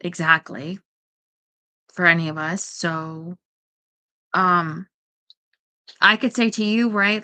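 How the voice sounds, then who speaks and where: A podcast host with a mid-range, sharp-toned voice leads a casual chat. She rambles, filling her talk with fillers and quoting herself.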